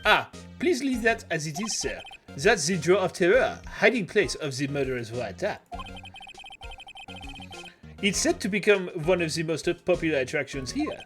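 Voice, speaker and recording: An English man voicing a smarmy hotel bellboy with a put-on French accent, speaking slowly and too politely. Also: fairly high pitch, very animated, fairly bright tone, soft background music. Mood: proud. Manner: slow, unctuous, overly polite.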